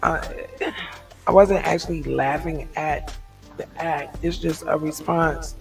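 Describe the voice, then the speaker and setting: A woman vlogger speaks in a frank, rambling monologue, often laughing things off to ease stress. Her voice is gravelly with a fair amount of fry. She sits some way from the mic, with faint music in the background. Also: deep voice, fairly even intonation, slow, recorded from a distance, poor audio. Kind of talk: candid reflective monologue.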